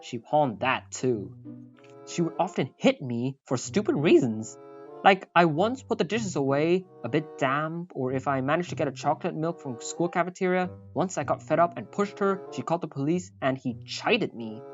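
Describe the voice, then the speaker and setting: A woman with a low voice reads an online story aloud, adding wry asides and small apologies as she goes. The recording is slightly dull and muffled, with faint music playing behind her. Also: big pitch swings, moderate pace. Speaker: story narrator. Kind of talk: reading a reddit story aloud.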